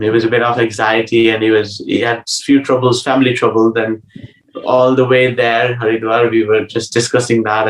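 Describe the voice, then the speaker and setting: A man telling a personal spiritual story as an interview guest, earnest and hesitant, with many pauses and restarts. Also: lowish voice. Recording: roomy sound from a distant mic.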